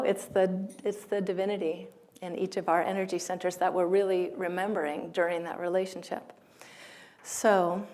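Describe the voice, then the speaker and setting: An American woman speaks to an audience about spiritual healing in a gentle, unhurried way. Her voice sits at an ordinary middle pitch. She laughs often and at times lets her voice fall to a near whisper.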